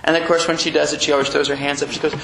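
A man preaching a sermon in a church, animated and chuckling as he acts out little quotes. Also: fairly high pitch, very fast, creaky. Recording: echoey room with faint noise.

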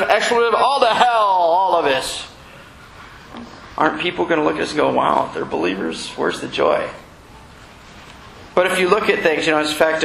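A man's voice: high voice, creaky, fairly bright tone. A man preaching as the rabbi of a Messianic congregation, conversational and joking, acting out little exchanges with his listeners. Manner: conversational preaching with jokes, asides and acted quotes. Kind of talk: sermon. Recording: echoey room with faint noise.

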